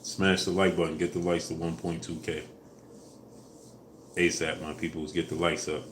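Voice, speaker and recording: A man hosting a casual live stream, answering viewers in a relaxed way with fillers, louder when asking for likes. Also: deep voice, normal speed, slight background noise. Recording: echoey room with faint ambience.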